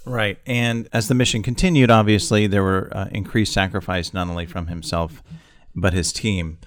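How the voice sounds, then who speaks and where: A man co-hosting a podcast, talking in a relaxed, reflective way with playful banter. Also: low voice, moderate pace. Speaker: podcast co-host. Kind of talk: casual conversational podcast.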